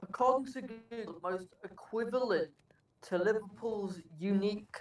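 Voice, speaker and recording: A man's voice: high voice, normal speed. English man chatting from a roomy, distant mic. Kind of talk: casual chat.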